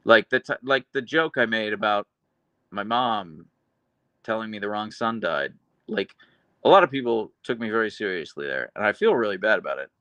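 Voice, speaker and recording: A man hosting a live stream, reading chat messages aloud in a dry, deadpan, casual way. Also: fairly low pitch, normal speed, dry recording. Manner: chatty, earnest, with restarts and laughs. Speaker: livestream host reading chat.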